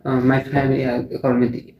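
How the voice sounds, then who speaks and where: A young man with a Bangladeshi accent answering a mock speaking exam, halting and often restarting his phrases. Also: mid-range voice, monotone, dull audio. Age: young adult. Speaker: test candidate. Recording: echoey room with faint noise.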